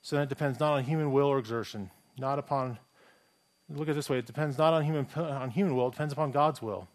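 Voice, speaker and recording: A male pastor preaching at a middle pitch for a man, in a relaxed, conversational way. He asks the listeners rhetorical questions and often repeats words as he restarts a phrase. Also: fast. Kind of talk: sermon.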